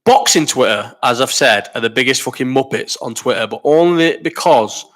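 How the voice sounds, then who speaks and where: Rambling man in his thirties, crisp mid-pitched voice, sweary chat-show host, a little ill and coughing. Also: expressive, fairly bright tone. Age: 30s. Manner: rambling and sweary, quick banter. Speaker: host of a live chat stream. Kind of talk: casual chat reading viewer comments.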